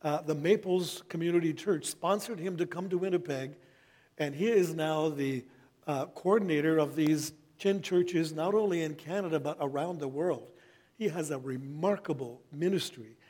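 A middle-aged man preaching a sermon as pastor, speaking in a measured, earnest way and reading scripture slowly. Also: on the high side, darkish tone.

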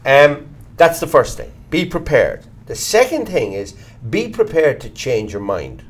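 A middle-aged man with an Irish accent speaks candidly as an interview guest. He is blunt and casual with swearing, and his pitch rises and falls in a very lively way. His voice sits at an ordinary middle pitch. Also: a little slow. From Ireland. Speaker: actor, guest.

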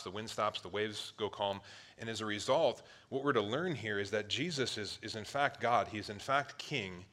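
Animated male pastor with a bright, forceful voice. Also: lowish voice. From Ohio, near Cleveland. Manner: animated, acts out voices, swings from loud to hushed. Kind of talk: sermon.

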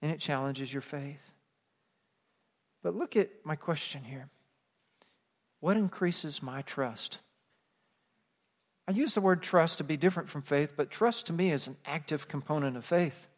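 High-voiced pastor preaching in a reverberant hall. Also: male voice, unhurried, pauses often. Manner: conversational, shifts between soft asides and emphatic rising passages. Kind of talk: sermon.

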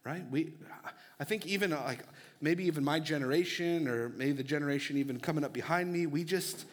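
A man's voice: fairly high pitch, fairly quick. A young man preaching a sermon as pastor, earnest and conversational, with casual fillers between points.

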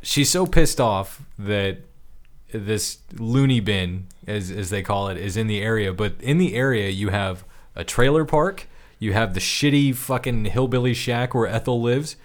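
Sarcastic lower-voiced man joking. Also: measured pace. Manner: sarcastic, crude jokes. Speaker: podcast co-host. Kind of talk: casual chat.

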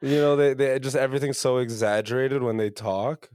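A man's voice: mid-range voice, fairly even intonation, brisk, a little mellow, clean tone, no room sound, clean studio sound. Joking man in casual podcast banter. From Canada. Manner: playful, drops into mock London accents. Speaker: podcast co-host. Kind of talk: casual comedic chat.

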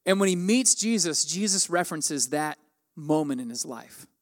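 A man in his forties gives a conversational sermon. His voice sits high for a man. He slips into the people of the story as he quotes them. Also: expressive, moderate pace. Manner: conversational, acts out quoted lines with raised pitch. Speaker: pastor.

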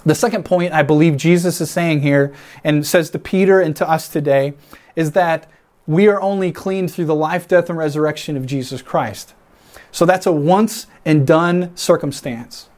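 An earnest man preaches a sermon with a voice pitched a little higher than most. He talks reflectively, picturing himself inside the scene he describes. He builds emphasis by repeating phrases again and again. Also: normal speed, darkish tone. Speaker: pastor.

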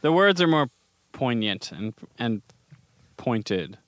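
A young man in relaxed podcast chat, halting and full of fillers. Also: mid-range voice. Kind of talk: casual chat.

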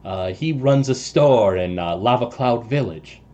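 A man's voice: medium pitch, animated, measured pace, warm tone, lo-fi sound, lightly acted. A man voicing a nervous, formal male house servant in a tabletop game, speaking hesitantly and adding "sir" often. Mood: deferential.

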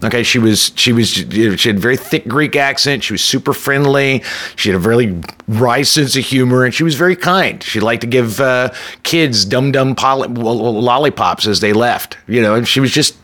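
A man's voice: mid-range voice, moderate pace, a bit bright. A man telling a personal story in a loose, conversational way, full of "like" and small restarts. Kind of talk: personal story told casually.

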